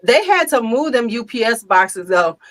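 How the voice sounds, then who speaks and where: An older woman, hosting a casual chat and telling lively stories, laughing often and acting out quotes. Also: on the high side, moderate pace, dry recording. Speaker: host.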